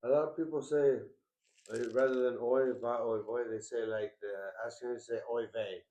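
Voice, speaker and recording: A man's voice: mid-range voice, fairly even intonation, normal speed, dark tone, poor audio. A male student asking a teacher curious, hesitant questions during a lesson.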